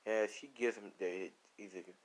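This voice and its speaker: A man's voice: on the low side, fairly even intonation, normal speed. A man improvising a casual fan story, rambling with lots of "you know" and "like".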